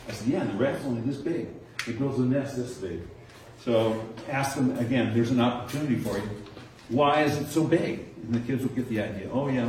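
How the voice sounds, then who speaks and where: A man leads an informal talk for a small group indoors, chatty and animated, playing the kids' answers in brighter voices. He is picked up from a distance, so the room echoes heavily around him. A faint noise sits underneath. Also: medium pitch. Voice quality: chatty, acts out kids' answers with rising tones. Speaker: nature center docent training teachers. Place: indoor room with a nature diorama.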